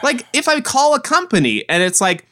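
A man's voice: very high voice, huge pitch swings, a little fast, pushed and bright. A man in his twenties, co-hosting a podcast, ranting in casual chat with plenty of exasperated rhetorical questions. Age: 20s. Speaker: podcast co-host.

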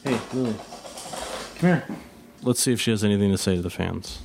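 A man's voice: lowish voice, fairly quick, creaky, pauses often, darkish tone, a little hiss or hum. A young man co-hosting a casual podcast, dry and teasing, laughing often. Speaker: podcast co-host and comic writer.

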